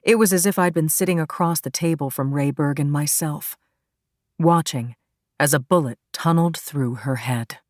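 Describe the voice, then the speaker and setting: A woman's voice: sits low, moderate pace, no echo, clean studio sound. A woman reading a first-person crime thriller as audiobook narrator, in a tense, dramatic manner.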